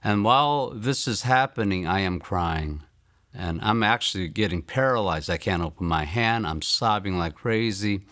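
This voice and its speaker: A man in his fifties from Maryland, telling a personal testimony in earnest storytelling, often trailing off softly at phrase ends. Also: fairly low pitch, moderate pace. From Maryland, United States. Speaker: guest giving a testimony.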